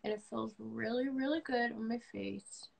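A woman co-hosting a casual livestream chat while her mouth is sore, talking in a low-key, playful way on a phone mic. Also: moderate pace, gravelly, crowd noise. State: sore mouth after dental surgery. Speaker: livestream co-host.

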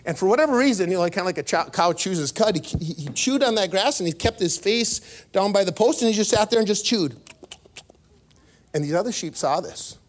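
Male pastor, high voice, storytelling sermon, voice leaps up when excited. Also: brisk. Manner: storytelling with sudden pitch jumps and laughs. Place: church.

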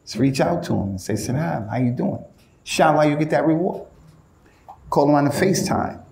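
Brief: male preacher, lively street-talk sermon, higher voice, echoey room. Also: fairly quick, creaky, a little hiss or hum. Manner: animated, street-slang, keeps addressing listeners as "man". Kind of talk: informal sermon.

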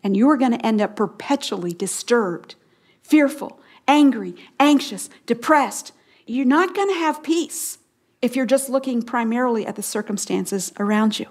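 This is a middle-aged woman with a fairly high voice, teaching from the Bible to a live audience. She is emphatic, slows down to repeat key phrases, and sometimes drops to a near whisper. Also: animated, darkish tone.

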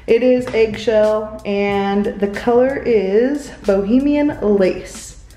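A woman's voice: medium pitch, takes it slowly, dark tone. A young woman vlogging a home room makeover, chatting and explaining as she works indoors. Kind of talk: casual vlog narration. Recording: echoey bare room.

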